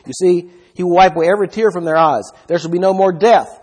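A man preaches a sermon in a husky, somewhat high voice. He stresses key words hard and keeps asking his listeners questions. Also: brisk, a little mellow. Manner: emphatic, asks the listeners questions.

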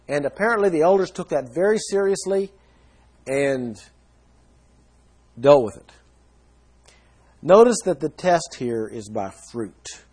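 A man's voice: on the high side, animated, a little slow, long pauses, a little mellow, slightly rough. A man preaching a sermon in an earnest teaching tone, leaning hard on key words. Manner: earnest teaching tone, emphatic stresses.

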